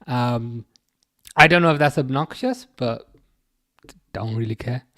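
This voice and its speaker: A man hosting a live football watchalong, reading chat messages aloud and answering them in a chatty, halting way full of fillers and restarts. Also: mid-range voice, lively intonation, bright, forceful tone. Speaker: livestream host reading chat.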